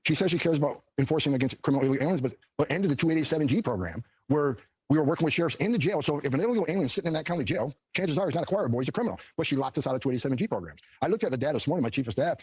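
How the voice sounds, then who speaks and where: A man's voice: fairly high pitch, expressive, rapid-fire, a little mellow, breathy edge, no room sound, rough recording. A man, an official in a played clip, firing off talking points in a clipped, insistent way. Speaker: official interviewed on TV.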